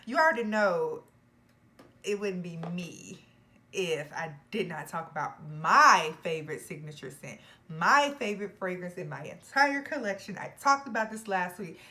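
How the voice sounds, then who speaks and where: A young woman talks straight to camera about fragrances in an emphatic, playful way. Her voice sits a little low for a woman, and she now and then drops into hushed, whispered asides. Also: moderate pace. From Georgia, US. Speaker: fragrance reviewer. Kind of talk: casual chat to camera.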